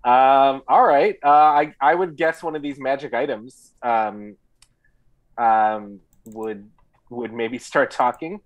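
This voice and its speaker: Slow, unsure tabletop player. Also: mid-range voice, dull audio. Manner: unsure, hedging, laughs easily. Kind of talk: tabletop game play over a call.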